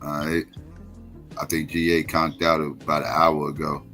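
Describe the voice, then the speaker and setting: Tired deep-voiced guy on a stream, cussing a lot, telling stories, soft music in the back. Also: moderate pace. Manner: profane storytelling with lively quoted voices. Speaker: live stream host. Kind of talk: casual late-night stream chat.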